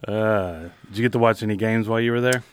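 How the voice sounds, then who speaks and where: A man's voice: fairly low pitch, fast talker, smooth. A man co-hosting a casual comedy podcast, rambling through stories and laughing often. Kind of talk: casual chat.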